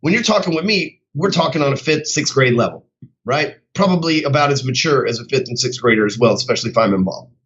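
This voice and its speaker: A blunt male sales coach talking casually and cursing freely as he motivates. His voice sits at a middle pitch. The recording sounds slightly dull. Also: lively intonation, fast, a bit bright. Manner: blunt and heavily profane.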